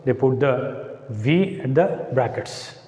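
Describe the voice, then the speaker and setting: A male teacher with an Indian English accent gives a classroom lecture at an unhurried pace, saying each example word twice. His voice rings through a roomy hall with a long echo and sometimes drifts away from the mic. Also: medium pitch, animated, mellow. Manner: slow and deliberate, repeats words to model stress.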